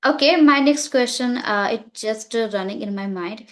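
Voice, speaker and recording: A woman talks on a video call in an earnest, halting way. Her voice sits a little high, and she fills her sentences with "like" and "you know" as she restarts them. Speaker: English learner interviewed about her practice. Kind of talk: casual conversational chat.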